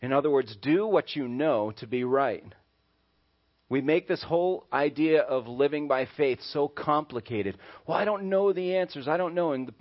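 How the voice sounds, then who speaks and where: A male pastor preaching a sermon in a conversational way and acting out little voices, in a dull lo-fi recording. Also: medium pitch.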